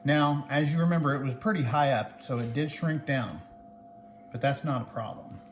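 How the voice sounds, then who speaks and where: A man's voice: medium pitch, normal speed, roomy sound, a little hiss or hum. A man hosting a casual home cooking demo, chatty and playful as he talks to viewers. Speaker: cooking channel host. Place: home kitchen.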